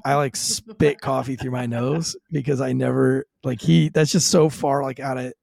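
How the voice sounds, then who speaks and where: Male podcast co-host, ex-cop, crude joker, gravelly and dry. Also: medium pitch, steady tone, a little mellow, no echo. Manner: crude, joking, quick and loose. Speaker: podcast co-host, former police officer. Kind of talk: casual true-crime podcast banter.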